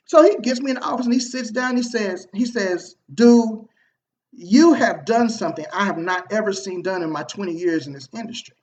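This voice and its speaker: Animated storytelling man, muffled audio. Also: very high-pitched. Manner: animated, slangy, repeats himself and acts out quoted dialogue. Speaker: online marketing video host. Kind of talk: casual motivational storytelling to viewers.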